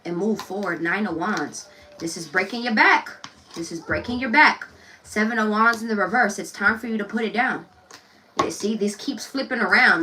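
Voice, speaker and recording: A tarot reader with a medium-pitched, bright voice and a forceful tone does a casual reading, loose, blunt and chatty, swearing freely and laughing a lot. The mic is distant and the audio poor, with her voice set back and a faint hiss underneath.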